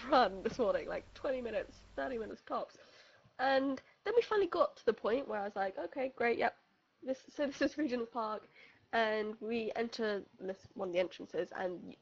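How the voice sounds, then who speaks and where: A young woman telling friends a funny story in casual chat, animated and laughing, acting out voices as she goes. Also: on the high side, husky, dull audio. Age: young adult.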